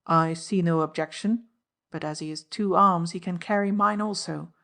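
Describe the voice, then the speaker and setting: A woman's voice: fairly low pitch, moderate pace, vocal fry, fairly bright tone. A woman voicing a haughty, jealous nobleman in an audiobook reading, with commanding speech. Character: haughty, jealous middle-aged male count and magnate.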